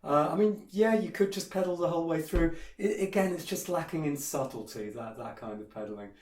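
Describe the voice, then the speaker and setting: A man's voice: a little high, a little fast, noisy background. A man teaching a piano piece in a casual tutorial, opinionated and hesitant, with many fillers and restarts. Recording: echoey room with piano playing.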